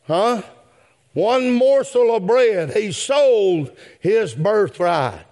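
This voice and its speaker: A man preaching a sermon, addressing the congregation with "my friend" and "yes, sir" as refrains, and swelling into shouted peaks. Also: sits high, big pitch swings, very slow.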